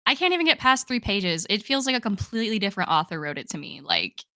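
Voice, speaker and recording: Young female podcast co-host, bright and chatty, dry recording. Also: mid-range voice, big pitch swings, fast talker, no room sound. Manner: chatty, enthusiastic, many "like"s. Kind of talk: casual chat.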